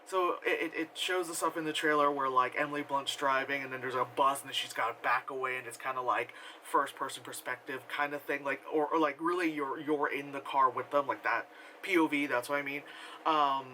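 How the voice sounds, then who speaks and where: A man's voice: mid-range voice, steady tone, fairly quick, sharp tone, slight background noise, poor audio. A man giving a casual, rambling film review full of fillers and offhand swearing. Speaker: movie reviewer.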